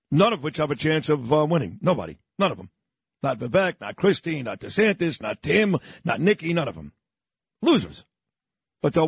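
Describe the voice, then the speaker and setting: A man's voice: on the high side, slightly rough, no room sound. A man hosting a morning talk radio show, ranting in a fired-up, opinionated way. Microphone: studio microphone.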